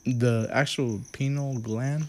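A man's voice: medium pitch, steady tone, measured pace, a little mellow. A young man co-hosting a casual podcast, rambling and hesitant, with lots of profanity. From Southern California. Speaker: podcast co-host. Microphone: handheld podcast mic.

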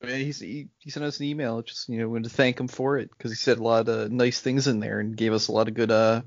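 A man's voice: mid-range voice, level tone, fast talker, no echo. Brief: young man, podcast co-host, rambling and chuckly, dry, dull mic. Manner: rambling, laughs often, restarts. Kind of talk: casual chat.

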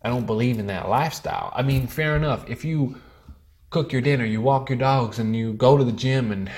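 A man's voice: mid-range voice, brisk, a little mellow, lightly acted. A man putting on a wavering American accent to play a profane patriotic American man ranting about laziness. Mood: scolding. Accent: put-on American. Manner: preachy, scolding, profane.

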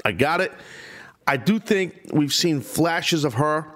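A man's voice: on the high side, expressive, takes it slowly, a bit bright. A man hosting a podcast, giving casual, opinionated commentary that rambles and drifts off on tangents. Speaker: podcast host.

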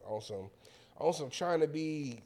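A man's voice: a little high, animated, a little slow, a little mellow. Argumentative, drawling podcast co-host man. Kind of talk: casual podcast banter.

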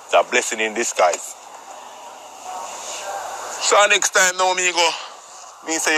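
A man's voice: fairly high pitch, huge pitch swings, moderate pace, long pauses, pushed and bright, a little hiss or hum, rough recording. A man with a Jamaican patois accent telling a comic story as a brash, profane tough guy.

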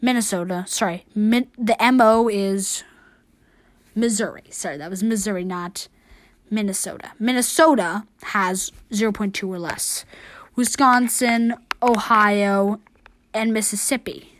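A woman's voice: medium pitch, moderate pace. A woman hosting an amateur news show, reading long lists casually and correcting her own slips as she goes.

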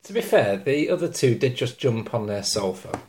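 A man trades dry, blunt one-liners with his co-host in relaxed podcast chat. His voice sits at an ordinary middle pitch, and his jokes are short and deadpan. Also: moderate pace, a little hiss or hum. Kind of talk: casual banter.

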